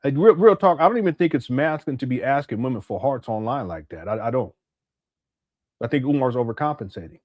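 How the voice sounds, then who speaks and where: A man from Southern California hosting a reaction commentary, talking candidly and animatedly with quick asides and restarts. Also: medium pitch, lively intonation, darkish tone, no echo, clean studio sound. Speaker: commentator and channel host.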